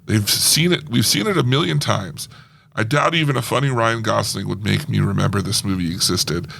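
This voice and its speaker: A man's voice: lowish voice, moderate pace, creaky, fairly bright tone, slight background noise. A man co-hosting a film podcast, reading listener emails aloud in a playful, casual way. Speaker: podcast co-host. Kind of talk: casual chat.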